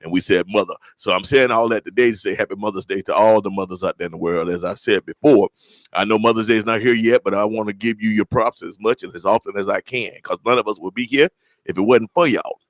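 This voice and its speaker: A man's voice: on the low side, fast talker, dry recording, low-quality recording. A man with an East Texas Southern accent hosting a livestream, chatting casually and telling folksy, rambling stories. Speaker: livestream show host.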